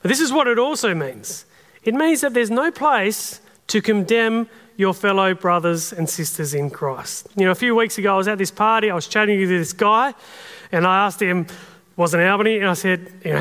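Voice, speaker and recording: High-voiced Australian preacher in a reverberant hall. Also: male voice, normal speed, fairly bright tone. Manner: earnest, conversational preaching. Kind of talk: sermon.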